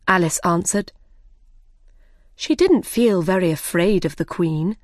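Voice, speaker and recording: A woman reading a storybook aloud at a slow, careful pace, each word clear. The sound is dry and close, with no room around it. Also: fairly low pitch, no room sound. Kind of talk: scripted narration of a simple storybook.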